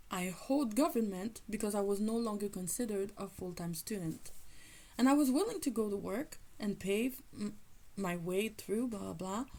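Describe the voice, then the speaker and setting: A woman shares a personal testimony of faith, telling it with lively, animated storytelling. She slips into the voices of the people in her story as she goes. Her voice sits at a middle pitch for a woman. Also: a little hiss or hum, low-quality recording. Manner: animated, acts out quoted people. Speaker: faith teacher sharing a testimony.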